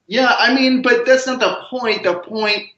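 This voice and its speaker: The guest, a comics writer, speaks unhurriedly in a very high-pitched voice, rambling through a story and joking with animation. The casual interview has a roomy, dull, lo-fi sound.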